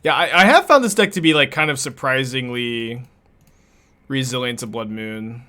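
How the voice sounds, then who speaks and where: A man's voice: medium pitch, moderate pace, sharp tone. A young man casually commenting on a card game as he plays, thinking aloud and laughing often.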